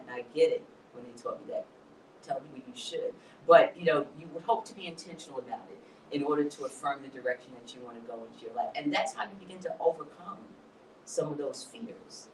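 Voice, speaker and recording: Guy poet telling motivational stories on stage, middle pitch, far off mic in a big echoey room. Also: fast, a little hiss or hum. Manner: animated storyteller, mixes motivational talk with laughter. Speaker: poet and guest speaker. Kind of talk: live onstage interview. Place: hall at a live event.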